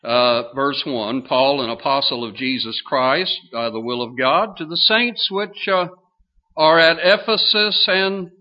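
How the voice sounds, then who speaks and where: An older man in his sixties preaching a sermon, telling a folksy story with drawn-out phrases and many fillers. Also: medium pitch, lo-fi sound. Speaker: pastor.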